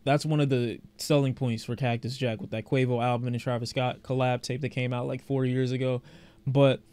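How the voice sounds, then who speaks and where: A man's voice: medium pitch, little pitch movement, moderate pace, a little mellow, smooth. A man giving a casual, rambling reaction to a music album, often repeating words and breaking into song. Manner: chatty, rambling, repeats words, sings along. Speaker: music reviewer. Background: album music playing.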